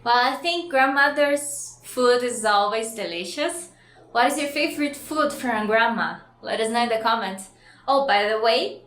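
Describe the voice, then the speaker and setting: A Brazilian woman with a Brazilian Portuguese accent teaching Portuguese words, cheerfully repeating each word slowly and giving its English meaning. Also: a little high, fairly bright tone. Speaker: language teacher. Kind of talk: bilingual vocabulary lesson. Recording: echoey room with faint noise.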